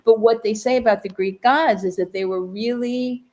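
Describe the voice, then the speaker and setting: A woman's voice: on the high side, moderate pace, a little mellow. Chatty woman podcast co-host. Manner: enthusiastic, tangent-prone, speculative. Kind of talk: casual conversational podcast.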